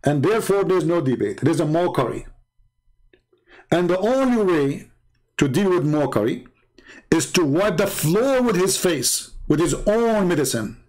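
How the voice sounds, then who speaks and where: A man hosts a livestream in a scornful, emphatic voice that sits somewhat high. His English is non-native, with broken grammar, and his voice sounds slightly hoarse. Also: animated, a little slow, a little mellow. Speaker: host of a debate livestream. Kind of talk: livestream commentary while calling viewers.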